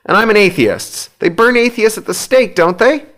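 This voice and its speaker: A man's voice: mid-range voice, big pitch swings, moderate pace, a bit bright, voice pushed up. A man voicing a hungover, desperate man who whines and wails in panic. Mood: panicky. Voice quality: wailing, whiny.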